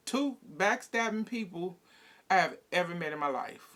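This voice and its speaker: A man's voice: sits high, animated, moderate pace, fairly bright tone. A man casually recapping a reality TV episode, retelling scenes in a blunt, profane, gossipy way and quoting the cast as he goes.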